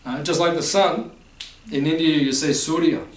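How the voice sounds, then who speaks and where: A man's voice: a little high, steady tone, moderate pace, a little hiss or hum. Man preaching in a roomy hall. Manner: chatty, quizzes the audience with repeated "huh?". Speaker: spiritual teacher. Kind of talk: informal spiritual talk to a live audience. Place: festival hall. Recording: roomy hall, distant mic.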